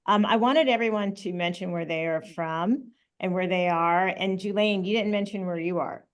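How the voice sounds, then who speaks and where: A woman hosts a relaxed online webinar from her home, speaking over a video call. She talks in an easygoing, chatty way, with plenty of "um" and "you know," pausing to read out audience questions. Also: on the low side. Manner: friendly, filler-heavy, stops to read questions. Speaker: webinar host. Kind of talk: casual online webinar talk.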